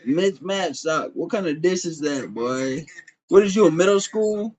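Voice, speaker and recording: A man's voice: on the high side, lively intonation, a little slow, a little mellow. A man from Illinois on a livestream, arguing with his chat in a profane, confrontational, trash-talking way. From Champaign, Illinois, USA. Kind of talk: heated livestream argument.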